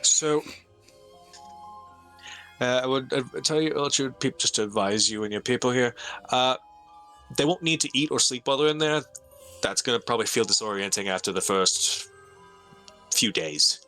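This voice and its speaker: A man's voice: medium pitch, moderate pace, pauses often, bright, forceful tone, faint music behind. A man playing a tabletop game, talking hesitantly about his character's actions. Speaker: player. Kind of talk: tabletop role-play talk.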